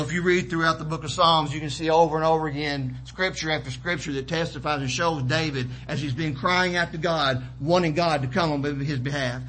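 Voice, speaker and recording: Impassioned bright-voiced male preacher. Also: on the high side, poor audio. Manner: impassioned preaching with rising cries. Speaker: pastor. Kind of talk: sermon.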